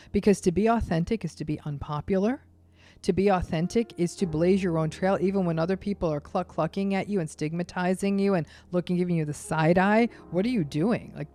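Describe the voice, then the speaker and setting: Emphatic, lower-pitched woman expert. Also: darkish tone. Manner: emphatic, explanatory, quotes others with vivid asides. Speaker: guest expert on narcissism. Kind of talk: interview conversation.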